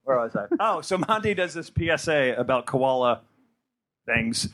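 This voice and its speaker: A man's voice: medium pitch, expressive, normal speed, a bit bright. An American man hosting a live comedy podcast on stage, telling a rambling story full of restarts. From United States. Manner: rambling, self-interrupting anecdotes. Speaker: podcast host.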